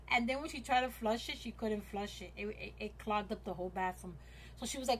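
A woman's voice: on the high side, fast. Chatty woman podcaster, rambling. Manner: rambling, many fillers and restarts, laughs often. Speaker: podcast host. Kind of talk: casual chat, retelling stories.

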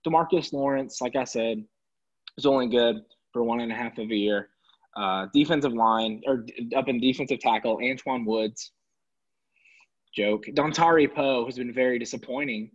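A man ranting casually and sarcastically about his football team, exasperated and animated. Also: mid-range voice, normal speed. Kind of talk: casual sports rant. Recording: dull lo-fi recording.

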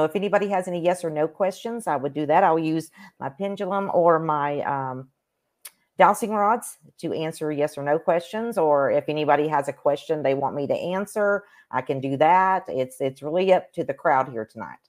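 Very deep-voiced woman, rambling. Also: normal speed, darkish tone. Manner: rambling, hesitant with many fillers. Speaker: psychic medium. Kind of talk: casual live-stream chat.

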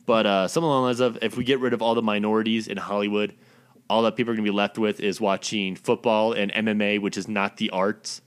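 A man's voice: lowish voice, level tone, fast talker, clean tone. A man delivering a profane, blunt, exasperated ranting monologue as the host of his own recording.

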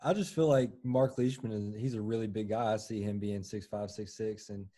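A man's voice: lowish voice, fairly even intonation, moderate pace, mellow. A man co-hosting a golf podcast in casual chat, matter-of-fact with dry humor.

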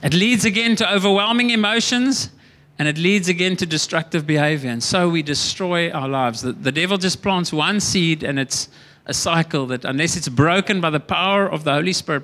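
A man's voice: fairly high pitch, normal speed, a bit bright. A man preaching a sermon as pastor, earnest and emphatic, often repeating and restarting words.

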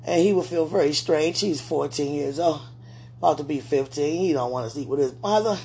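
A woman's voice: low-pitched, a little fast, dark tone, a little hiss or hum. A middle-aged woman speaking an emotional, repetitive prayer aloud, pleading and talking to herself.

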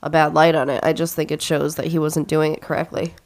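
A woman's voice: low-pitched, flat delivery, quick pace, darkish tone. A woman co-hosting a home podcast, chatting casually in an offhand, matter-of-fact way. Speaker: podcast co-host. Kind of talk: casual chat.

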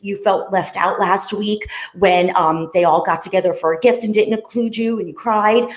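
A woman's voice: medium pitch, fairly even intonation, moderate pace. A woman in her fifties hosting her show, talking in an earnest, rambling way with frequent side notes. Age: 50s. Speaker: show host. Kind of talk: casual monologue. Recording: roomy echo.

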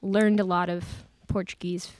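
A woman's voice: lowish voice, level tone, normal speed, a little mellow, no echo. A woman in her late teens, a podcast guest, chatting casually with lots of fillers and laughs. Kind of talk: casual chat. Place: church studio.

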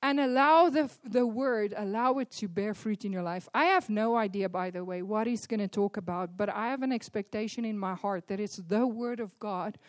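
A woman's voice: mid-range voice, normal speed, few pauses, no room sound. A woman introducing a guest speaker at church in an earnest, encouraging way. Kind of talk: pastoral introduction.

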